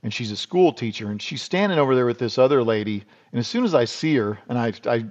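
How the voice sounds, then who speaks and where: A man's voice: mid-range voice, expressive, quick pace, darkish tone, highs cut off. A middle-aged man from South Dakota, a podcast guest telling rambling, folksy stories in a casual interview. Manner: rambling, folksy, restarts and repeats words.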